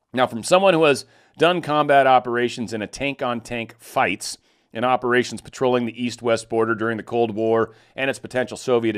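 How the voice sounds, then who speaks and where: A man in his fifties talks through political news in a blunt, loose way. His pitch sits in an ordinary middle range, and his sentences often wander and restart. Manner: blunt, rambling, with frequent restarts. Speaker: political commentary host. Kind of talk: casual unscripted commentary.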